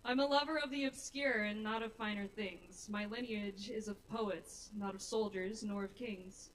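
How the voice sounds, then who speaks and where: A woman's voice: medium pitch, steady tone, normal speed, fairly bright tone. A young woman on a small bar stage reads her rhymed spoken-word poems with nervous sincerity. She stands a bit back from the stage mic, so her voice sounds slightly distant. A faint hiss of room noise sits under the live recording. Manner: nervous, earnest rhyming delivery. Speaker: open mic poet. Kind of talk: spoken-word poetry performance.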